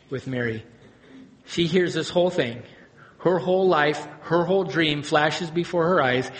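Male pastor, high voice, animated sermon delivery, dips to quiet intensity then climbs to loud emphasis. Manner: animated preaching, swings from hushed to loud and high.

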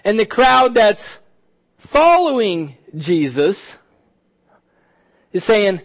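High-voiced man preaching with animation. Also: very slow, pauses often. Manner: animated preaching, repeats words, drops to soft intensity. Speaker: pastor. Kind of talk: sermon.

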